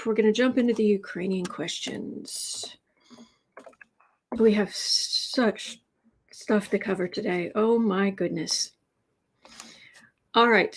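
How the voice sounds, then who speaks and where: A woman's voice: medium pitch, a little mellow, husky. A woman hosting a tarot livestream, chatting casually and rambling with frequent restarts. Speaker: tarot reader host.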